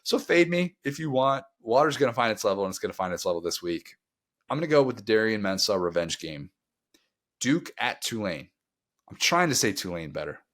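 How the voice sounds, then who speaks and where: A man's voice: on the low side, very animated. A man co-hosting a college football podcast, wry and opinionated, in casual chat. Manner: wry, opinionated, drawn-out emphasis. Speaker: podcast co-host.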